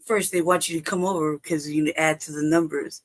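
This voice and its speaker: A woman's voice: deep voice, fairly even intonation, a little fast. A woman hosting a live stream, telling a personal story in casual, profane talk, often laughing and acting out past exchanges. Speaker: livestream host.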